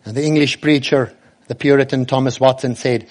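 A man preaching a sermon, emphatic, slowing and rising as he quotes scripture. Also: mid-range voice, fairly even intonation.

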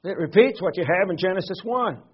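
Husky high-voiced man preaching. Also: animated, fairly quick, lo-fi sound. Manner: earnest teaching with frequent fillers and repeated words. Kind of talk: sermon.

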